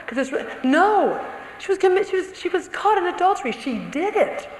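A woman preaching a sermon to other women, animated and storytelling, sometimes acting out an accusing inner voice. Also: very high-pitched, a little fast. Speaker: women's conference speaker. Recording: echoey hall with faint room noise.

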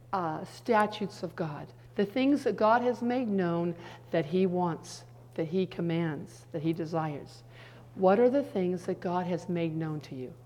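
A middle-aged woman with a mid-range voice gives a conversational Bible teaching. She's animated, moving from soft, slow passages to emphatic bursts full of quick asides.

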